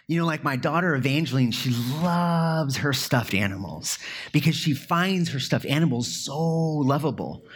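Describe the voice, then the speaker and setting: A man's voice: fairly high pitch, very animated, normal speed, husky. A man giving a sermon in an earnest, conversational way, with casual fillers as he explains a passage. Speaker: pastor.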